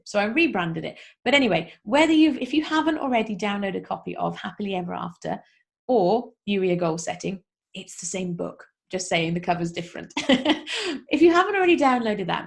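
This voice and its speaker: Female podcast host, mid-pitched voice with some vocal fry, upbeat and chatty, encouraging self-help tone. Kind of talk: casual motivational talk to listeners.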